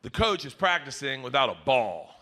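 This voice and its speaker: A man performing a stand-up comedy set on a live stage, telling stories loudly and acting out other people's voices. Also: mid-range voice, moderate pace, a little hiss or hum. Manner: loud, animated storytelling with acted-out voices.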